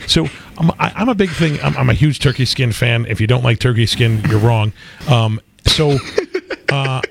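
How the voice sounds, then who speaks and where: A man's voice: mid-range voice, moderate pace, vocal fry, a little hiss or hum. A man co-hosting a talk radio show, chatting casually with many restarts and fillers. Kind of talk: casual on-air banter.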